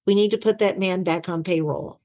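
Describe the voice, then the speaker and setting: A middle-aged woman and former chief of staff, telling lively anecdotes and acting out the people she quotes. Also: lowish voice, fairly quick. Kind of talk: storytelling in an interview. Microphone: video call.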